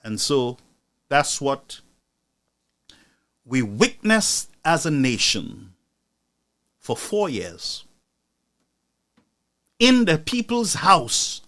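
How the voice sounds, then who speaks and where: A man's voice: on the high side, very animated, very slow, pauses often, a bit bright. A man delivering indignant, mocking political commentary as a news show host.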